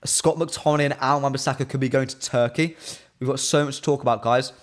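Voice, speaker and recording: A man's voice: medium pitch, fairly even intonation, fast. A young man presenting a live football fan stream, chatting casually in an opinionated way and reading out viewer comments between frequent "um"s.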